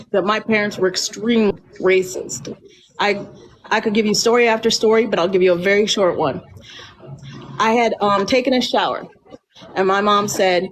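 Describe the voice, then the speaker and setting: A woman from Colombia telling a personal story on a live stream in an earnest, measured way with many fillers and restarts. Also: medium pitch, rough recording.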